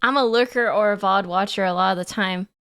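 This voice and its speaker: A woman's voice: medium pitch, fairly quick, fairly bright tone, clean tone, faint music behind. A woman livestreamer chatting casually with her chat in a playful, giggly way.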